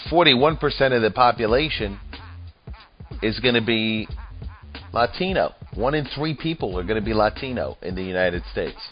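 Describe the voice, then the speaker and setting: Male commentator, low voice, mocking and profane, dull lo-fi sound. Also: animated, normal speed. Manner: rambling, crude and mocking. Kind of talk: profane comedic political commentary. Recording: dull lo-fi audio with faint music.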